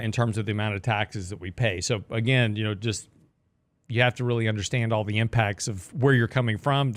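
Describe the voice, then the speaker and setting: A man's voice: mid-range voice, dry recording. A man hosting a finance talk show, explaining markets in a chatty way with joking asides on a studio mic. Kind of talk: radio talk commentary.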